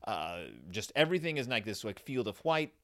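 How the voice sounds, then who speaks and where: A man's voice: mid-range voice, big pitch swings, fairly quick, a bit bright. A man from Texas, a host casually reviewing a children's book, chatty and rambling with many fillers and restarts. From United States (Texas).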